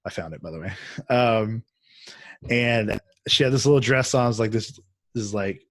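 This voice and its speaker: A man's voice: lowish voice, expressive, moderate pace, no room sound. A man hosting a casual chat, rambling through a story with many fillers and restarts. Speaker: podcast host. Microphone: video call.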